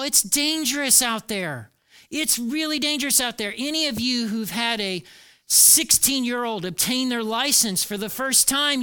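Male pastor, middle-aged, bright and crisp, chatty sermon delivery with repeated lines. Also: very high-pitched. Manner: conversational preaching, repeats key phrases for emphasis.

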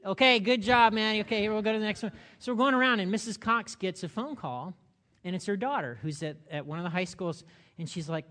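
A male pastor preaching a sermon with animated, humorous storytelling. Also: sits high, fairly quick, long reverb tail.

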